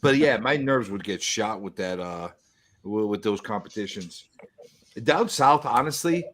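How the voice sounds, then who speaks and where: A man from New York in casual chat, talking bluntly and stumbling over his words. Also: medium pitch. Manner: halting, repeats words, blunt opinions. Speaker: podcast co-host.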